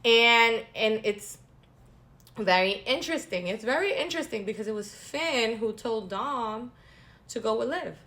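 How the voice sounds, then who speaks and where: A woman's voice: fairly high pitch, unhurried. Chatty, gossipy woman recapping storylines. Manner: chatty, animated, repeats phrases for emphasis; gossipy, sarcastic asides. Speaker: wrestling recap vlogger. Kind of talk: casual chat.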